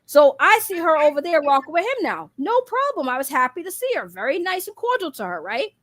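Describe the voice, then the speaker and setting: High-voiced woman ranting bluntly. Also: big pitch swings, brisk, fairly bright tone, no room sound. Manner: blunt, profane, mocking, laughs between jabs. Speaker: streamer calling out critics. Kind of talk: casual rant.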